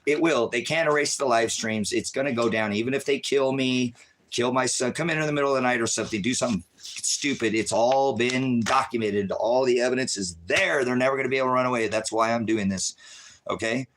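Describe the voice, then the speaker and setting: Man, live-stream rant, stressed, rambling, jumps between loud and quiet. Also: medium pitch, brisk, slight background noise. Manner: rambling, stressed, swings between shouting and muttering.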